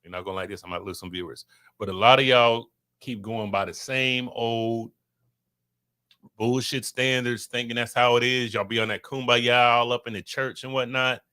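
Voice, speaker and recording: A man's voice: medium pitch, bright, forceful tone. Male podcast co-host, a dad, casual and preachy, swears freely. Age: adult with children. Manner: loose, preachy, profane, talks to viewers.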